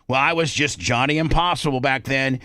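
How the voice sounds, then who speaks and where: A man's voice: mid-range voice, steady tone, fairly quick, sharp tone, no echo. A brash male talk-radio host spins a story, playing out both sides of the argument in his telling. His voice sits in a middle range and is picked up close in a dry studio.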